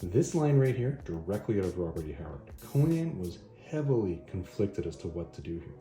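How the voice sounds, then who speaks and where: Male host, casual reviewer, lowish voice with lots of pitch movement, roomy echo. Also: a little fast. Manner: animated, chatty retelling of a story. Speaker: comic book reviewer, channel host. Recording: roomy echo, faint music.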